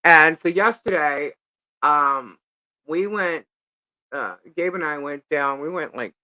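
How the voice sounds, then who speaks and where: A woman's voice: sits low, slow pace, pushed and bright, dry recording. A woman co-hosting a live stream, telling a rambling story in casual chat, laughing often and filling with "uh" and "like".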